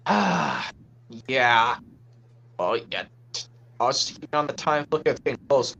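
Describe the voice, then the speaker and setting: Rambling, lively co-host on a chat stream. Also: medium pitch, slow pace, muffled recording. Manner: rambling, restarting sentences.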